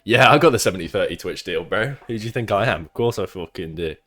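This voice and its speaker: Low-voiced young man chatting to his stream. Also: animated, quick pace, a bit bright. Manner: rambling, swears freely, teases chat. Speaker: livestreamer. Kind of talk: casual live-stream chat with viewers.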